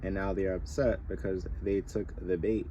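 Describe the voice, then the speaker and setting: A man's voice: low voice, steady tone, moderate pace, warm tone, dull audio, slight background noise. A man talking casually about spiritual signs in a slangy, rambling, emphatic way. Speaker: spiritual reader.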